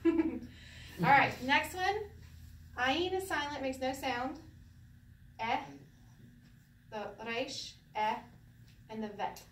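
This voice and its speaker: Teaching Hebrew in a casual classroom, a woman with a fairly high voice takes things slowly, with long pauses, staying playful, laughing a lot, and turning sing-song for demonstrations. The mic is distant, the room spacious and echoey, and a faint hiss of room noise runs underneath.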